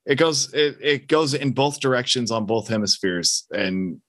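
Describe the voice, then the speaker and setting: A man guesting on a casual podcast chat, talking in a halting way and often repeating words as he thinks. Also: medium pitch, animated, fairly bright tone.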